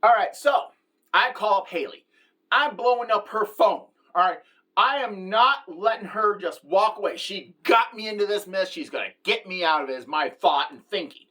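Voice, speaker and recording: A middle-aged woman telling a comic personal story to the camera, animated and conversational, with frequent asides to the viewer. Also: medium pitch, moderate pace. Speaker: comedic storyteller.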